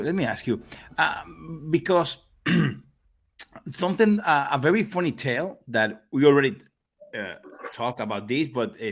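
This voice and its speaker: A man from the Republic, hosting a casual chat in an animated, rambling way that often breaks off mid-thought. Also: on the high side. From Dominican Republic. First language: Spanish. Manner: animated, rambling, self-interrupting. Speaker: podcast host. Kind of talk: casual conversation.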